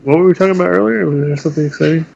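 A man's voice: fairly high pitch, very fast, vocal fry, darkish tone, highs cut off, slight background noise. A man hosting a casual live studio podcast, rambling with frequent restarts and laughs. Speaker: podcast host.

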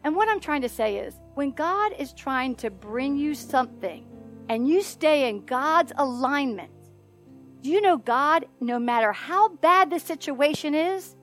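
A middle-aged woman minister telling a story in a sermon, animated and often laughing as she acts out the voices in it. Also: sits high, a little slow, faint music behind.

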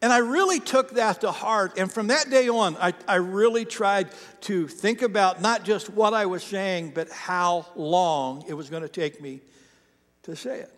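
High-voiced pastor preaching in a reverberant hall. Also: male voice, unhurried, fairly bright tone. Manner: storytelling, self-deprecating and chatty. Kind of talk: sermon. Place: church sanctuary.

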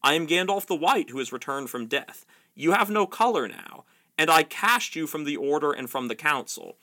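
Stern old wizard, slow and commanding, read by a man. Bright, raised voice. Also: on the high side, animated.

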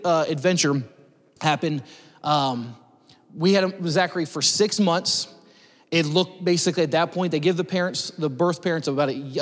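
A man, a pastor, telling a personal story in a sermon, halting and restarting with many fillers. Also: a little high. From United States. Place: church sanctuary. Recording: long hall reverb.

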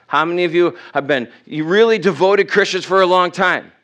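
A middle-aged pastor's high-pitched, somewhat bright voice moves fairly quickly through a church sermon. He reads scripture aloud with self-corrections and asks his congregation questions.

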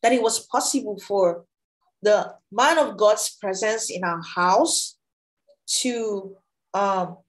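A woman teaching a Bible study, reading scripture aloud and explaining it in a loose, halting, conversational way. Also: medium pitch, rough recording.

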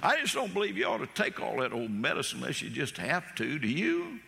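A folksy man in his eighties with a peculiar way of talking, as a preacher plays him. The tone is bright and a little high. A long hall reverb follows him. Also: huge pitch swings, brisk, creaky, heavily acted. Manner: talked kind of funny, folksy.

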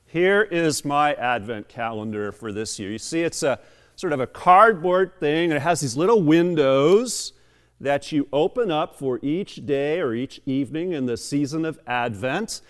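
A middle-aged pastor preaches in a church, his somewhat high voice rising and falling with lively expression. He moves between reading scripture and relaxed, chatty storytelling. The sound rings out with a long hall reverb. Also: measured pace. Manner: storytelling, chatty asides with fillers. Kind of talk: sermon. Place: church sanctuary.

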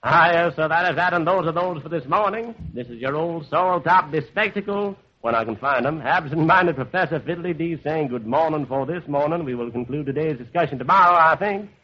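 A man's voice: a little high, a little fast, few pauses, natural voice. A man hosting a radio comedy, playing an absent-minded professor who lectures in muddled wordplay. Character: absent-minded rambling old male professor. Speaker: host. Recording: dull old radio recording.

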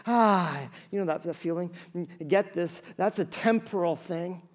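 A male pastor preaching a sermon, telling stories in an animated way with many quick restarts. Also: high voice.

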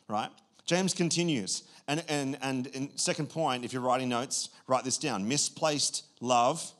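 A man preaching a sermon, animated, acting out quoted voices with big swings between loud and quiet. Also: lowish voice. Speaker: pastor.

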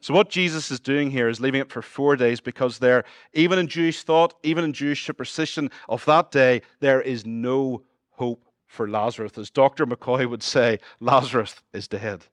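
A man with a Northern Irish accent preaching a sermon as pastor, moving between lively humorous asides and hushed, earnest appeals to his listeners. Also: mid-range voice, moderate pace, dry recording. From Northern Ireland.

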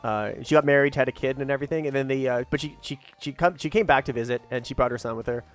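A man co-hosting a podcast, talking in an easygoing, halting way full of restarts and fillers. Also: mid-range voice. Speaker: podcast co-host. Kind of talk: casual podcast chat. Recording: dry close mic with faint music.

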